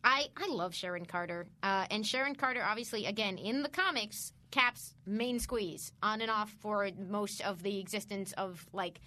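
A woman's voice: mid-range voice, normal speed, few pauses, bright, forceful tone. A woman co-hosting a podcast in casual chat, laughing often and playful. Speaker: podcast co-host.

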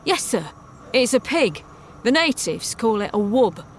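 An eager, nervous young crewman, as a woman puts him on in a storybook speaks in a raised, hopeful voice. He sounds apologetic and keen to please. His lines come out brighter and louder than the narration. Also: a little high, very animated, measured pace, a little hiss or hum, low-quality recording.

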